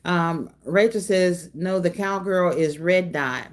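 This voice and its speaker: Chatty woman, lowish voice. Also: slow. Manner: chatty, folksy, calls viewers y'all and darling. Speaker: craft channel host. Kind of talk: casual livestream chat reading comments.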